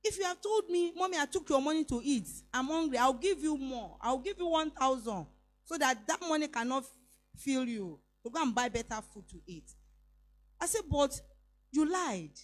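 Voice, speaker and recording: A woman's voice: high-pitched, lively intonation, moderate pace. Emphatic Nigerian woman preaching. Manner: storytelling, switching into Yoruba phrases; emphatic, voice rising on declarations. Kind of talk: sermon with personal story.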